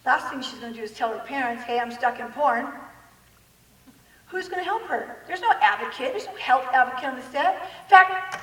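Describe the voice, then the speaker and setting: A woman giving an animated public talk, laughing often and acting out the people she quotes. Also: high voice. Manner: lively, laughing, quotes people in acted voices. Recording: echoey hall from far off.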